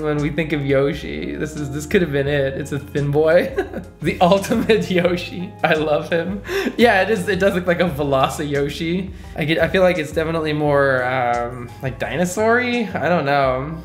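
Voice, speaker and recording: A male streamer chatting loosely over his gameplay, excitable and giggly as he works things out aloud. His voice sits a little high for a man. The room sounds roomy, with faint music playing underneath. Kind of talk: casual gameplay commentary.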